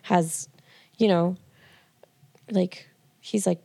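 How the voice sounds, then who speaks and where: A woman's voice: on the low side, fairly quick, creaky, warm tone, dry recording. A woman guest on an interview podcast who talks in a chatty way, laughs often and restarts her sentences. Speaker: podcast guest, comics artist and writer. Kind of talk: casual interview chat.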